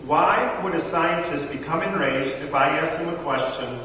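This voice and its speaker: A man in his thirties teaching a church audience, an animated storyteller who acts out the voices in his stories. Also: a little high, normal speed, slight background noise. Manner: animated storyteller acting out dialogue. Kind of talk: lively talk to a live audience. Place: large hall with audience. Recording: echoey hall from far off.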